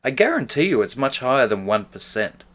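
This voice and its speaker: A man's voice: medium pitch, sing-song, a little fast, a bit bright. A man co-hosting a casual talk show who argues bluntly and swears. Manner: blunt, profane, argumentative. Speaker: co-host. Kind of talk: casual chat.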